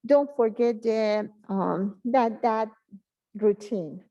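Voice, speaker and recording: Unhurried higher-voiced woman teaching math. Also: dark tone, lo-fi sound. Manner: halting, thinking aloud with many pauses and fillers. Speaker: math instructor. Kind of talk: exam review lecture. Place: online class session.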